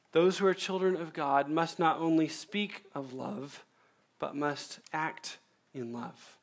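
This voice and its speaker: A male pastor preaching a sermon, emphatic and measured, repeating key phrases and slowing down to stress them. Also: fairly high pitch, a bit bright.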